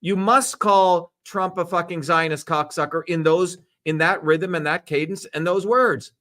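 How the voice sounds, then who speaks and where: A man's voice: sits high, bright, forceful tone. A man, a political candidate, giving an impassioned, emphatic and crude livestream speech, full of repetition and profanity.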